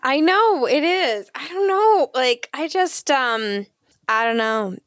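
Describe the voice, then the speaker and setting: Female co-host, a touch high, dry close sound, hesitant. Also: animated, takes it slowly, a bit bright, no echo. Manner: short backchannels, hesitant and trailing off. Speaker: podcast co-host. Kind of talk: casual chat.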